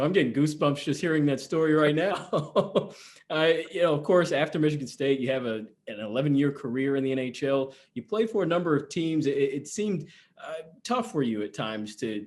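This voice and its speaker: A man's voice: mid-range voice, a little mellow. A man interviewing a former athlete, asking long questions with some hesitation. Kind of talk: sports interview.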